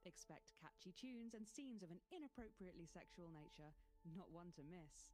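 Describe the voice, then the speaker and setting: A woman's voice: fairly low pitch, expressive, moderate pace, darkish tone, faint music behind, lightly acted. An actress voicing a woman who announces the evening TV lineup in a game, in a scripted promo read. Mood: smooth promo.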